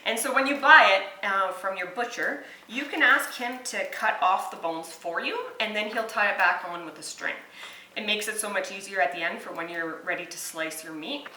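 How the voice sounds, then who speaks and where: A woman's voice: medium pitch, normal speed, sharp tone, roomy sound, distant mic, poor audio. A woman in her thirties, a home cook and mother, talking through her cooking in a chatty, earnest vlog with lots of fillers. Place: home kitchen and backyard grill.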